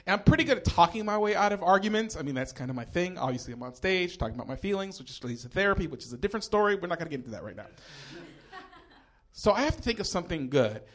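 A young man telling a comic personal story on stage, animated, swearing freely and shouting out the lines he quotes. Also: high-pitched, racing. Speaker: storyteller at a live storytelling show.

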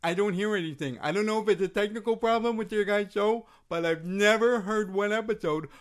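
A man voicing a deadpan, oblivious woman wrestler with a put-on Irish accent in a comedy podcast sketch. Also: high-pitched, brisk, close to an everyday voice. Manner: deadpan, flat delivery.

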